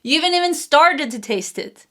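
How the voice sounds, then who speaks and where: A woman's voice: sits high, lively intonation, normal speed. Chatty woman doing a tarot reading. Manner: warm, chatty, laughs often, many fillers. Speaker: tarot reader. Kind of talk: casual spoken tarot reading.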